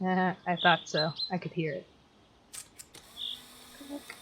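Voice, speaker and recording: A woman's voice: fairly low pitch, little pitch movement, slow, long pauses, background noise. A woman casually commentating her game playthrough in a chatty, self-deprecating way. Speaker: let's play gamer. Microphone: headphones on while playing.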